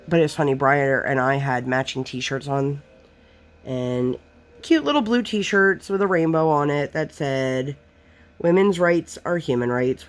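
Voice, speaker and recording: A woman vlogging while she crafts, telling rambling stories about her week with lots of fillers, a bit sniffly. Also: very deep voice. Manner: rambling, chatty storytelling with many fillers. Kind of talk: casual chat while crafting.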